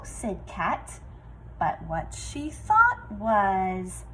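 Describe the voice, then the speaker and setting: A woman reading a picture book aloud to children, expressive and talking to them directly. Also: on the low side, drawn-out words, slight background noise, poor audio. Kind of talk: children's story read-aloud.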